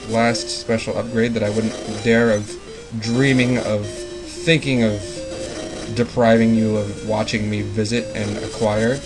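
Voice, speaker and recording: A man's voice: lowish voice, poor audio. A man hosting a let's play, rambling through casual commentary with playful puns and jokes. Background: game music.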